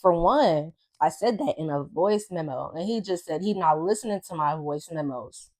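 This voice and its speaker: A woman's voice: mid-range voice, darkish tone. A young woman vlogger telling a story in a blunt, sassy, profane way to her viewers. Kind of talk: casual storytime vlog.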